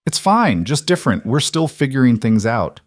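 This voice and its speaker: A man voicing a gentle, patient father. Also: mid-range voice, very animated, moderate pace, no room sound, clean studio sound, pitched above the performer's own voice, natural voice. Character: patient single father, calm and firm.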